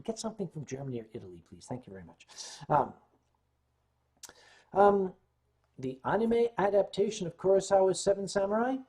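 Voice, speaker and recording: A man hosting a casual livestream, a bit tipsy, telling a long story with lively asides and frequent throat-clearing. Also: sits high, a little fast, pauses often. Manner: animated storyteller who often clears his throat. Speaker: livestream host.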